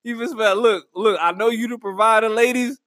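A man riffing through a casual comedic monologue, animated and rambling, laughing at his own jokes. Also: high voice, fairly quick, no room sound, clean studio sound. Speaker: comedic vlogger.

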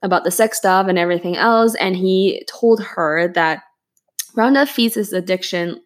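A woman co-hosting an easygoing podcast, recapping a listener's story with frank, salty remarks. She teases her co-host playfully. Her voice rests at a middle pitch. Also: normal speed. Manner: blunt and profane, playful teasing. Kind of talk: casual chat.

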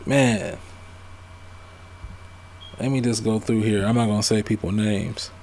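A man's voice: on the low side, measured pace, darkish tone, a little hiss or hum. Man ranting with rhetorical questions. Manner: emphatic, repetitive rhetorical questions. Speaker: vlogger. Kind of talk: ranting commentary.

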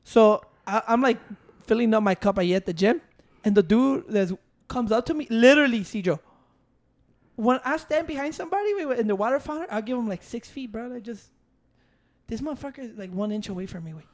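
A Mexican-American man, co-hosting a casual podcast chat, telling profane, animated stories full of asides and "wait"s. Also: very high-pitched, brisk. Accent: Mexican-American, mixing in Spanish. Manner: profane, animated storyteller who keeps saying "wait". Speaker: podcast co-host. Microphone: studio microphone at a table.

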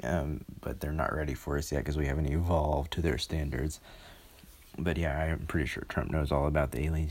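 A man with a very low, mellow voice hosts a show. He rambles casually from topic to topic, full of pauses and fillers. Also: fairly even intonation. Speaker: podcast host. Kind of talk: casual commentary.

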